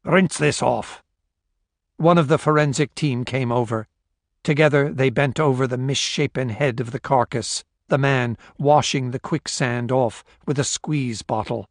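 Here a man with a mid-range voice narrates a novel in scripted, storytelling fashion, steady and measured. It's a dry, studio-quality audiobook recording.

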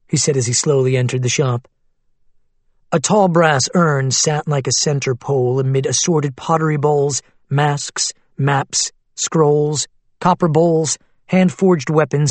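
A man reading a novel aloud in measured, descriptive scripted narration. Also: fairly high pitch, a little mellow, dry recording. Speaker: audiobook narrator.

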